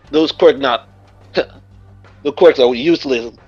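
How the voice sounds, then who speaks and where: A man's voice: mid-range voice, very slow, slightly rough, faint music behind. A man voicing a brash, cocky teen boy ninja hero in a casual, boastful storytelling voice, on a muffled recording.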